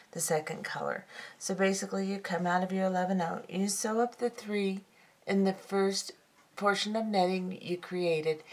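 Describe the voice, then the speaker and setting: A woman hosting a beading tutorial, giving patient, methodical step-by-step instructions and repeating each step. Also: on the low side.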